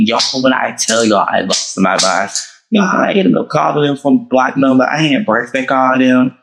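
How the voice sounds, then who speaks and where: A man hosting his own show, telling a dramatic personal story to his viewers in a casual, animated way. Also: mid-range voice, moderate pace, creaky, slight background noise, rough recording. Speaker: host.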